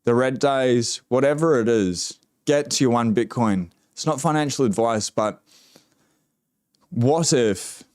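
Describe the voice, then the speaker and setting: An Australian man hosts a relaxed livestream, drawling through viewer comments with plenty of fillers and slang. His voice is smooth and clean, recorded close with almost no room sound. He talks at an easy mid pitch. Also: measured pace, no echo. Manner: laid-back, drawling, slangy, with many fillers. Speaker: livestream host. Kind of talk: casual livestream chat reading comments.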